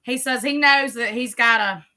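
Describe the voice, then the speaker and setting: Rambly lady chatting over her planner, kinda high and bright, homey talk. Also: normal speed. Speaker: vlogger. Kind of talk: casual chat while decorating a planner.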